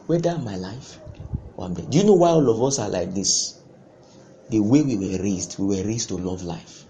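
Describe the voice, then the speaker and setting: A man's voice: on the low side, animated, moderate pace, slight background noise. Impassioned preacher man. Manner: impassioned, with sudden loud bursts and laughter. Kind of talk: sermon.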